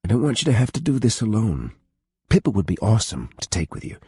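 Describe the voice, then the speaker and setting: A man voicing a caring, outspoken young woman friend in an audiobook, warm-hearted and indignant on her friend's behalf. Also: lowish voice, sing-song, fast talker, breathy edge, dry recording, clean studio sound, pitched above the performer's own voice, heavily acted. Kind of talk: audiobook character voice.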